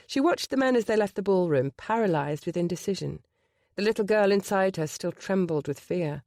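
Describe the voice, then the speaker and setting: Brief: male audiobook narrator, animated delivery, dry studio read. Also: high voice, a little fast, dry recording. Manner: expressive storytelling. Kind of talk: scripted narration.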